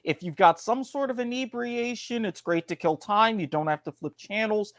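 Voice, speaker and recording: A man's voice: sits high, moderate pace, a bit bright, dry recording, studio quality. A man co-hosting a podcast in casual chat, laid-back and teasing. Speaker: podcast co-host.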